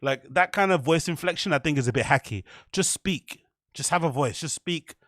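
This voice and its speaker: A man's voice: on the high side, lively intonation, moderate pace, a bit bright, dry recording, clean studio sound. A British man hosting a livestream reaction show, talking bluntly and rambling, with frequent swearing. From United Kingdom. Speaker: livestream host.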